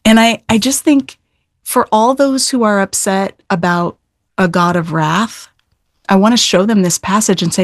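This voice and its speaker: An Old Testament scholar, a middle-aged woman, talks through scripture in an interview with earnest, emphatic stress, frequently restarting. Her medium-pitched voice is a little slow, captured in a dry, studio-quality recording.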